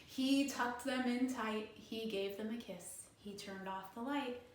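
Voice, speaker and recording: A woman librarian telling a folk tale for children, animated and inviting them to join in, in an echoey room from a distance. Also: fairly high pitch, measured pace, a little hiss or hum. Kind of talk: children's storytime narration.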